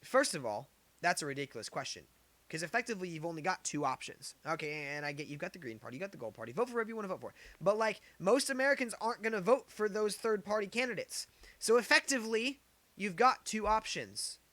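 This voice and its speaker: A man's voice: high-pitched, animated, quick pace, fairly bright tone, no echo. A man giving opinionated political commentary, getting heated, firing off rhetorical questions and repeating his points. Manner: heated, gets worked up.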